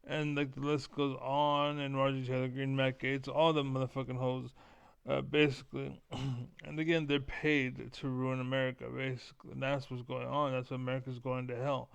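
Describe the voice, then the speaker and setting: Gravelly, flat-voiced man ranting profanely. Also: mid-range voice, moderate pace, dry recording. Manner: rambling, profane, keeps repeating filler words; frequent throat clearing. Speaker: streamer. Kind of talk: casual rant to camera.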